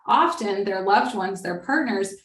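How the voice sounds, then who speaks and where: A woman's voice: mid-range voice, expressive, measured pace. Woman giving a webinar talk, chatty, acts out little dialogues, kinda roomy sound. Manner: conversational, acts out example dialogue. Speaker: webinar presenter.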